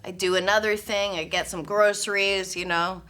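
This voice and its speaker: Bright-voiced woman in her forties, self-deprecating. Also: mid-range voice, steady tone, moderate pace, faint music behind. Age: 40s. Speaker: guest. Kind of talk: casual chat.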